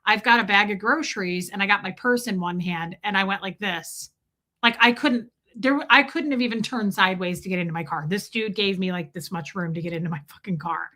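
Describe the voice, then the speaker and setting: A woman's voice: mid-range voice, a little fast, sharp tone. A woman hosting a live stream from home, telling a story to her chat in a chatty, blunt way and swearing freely.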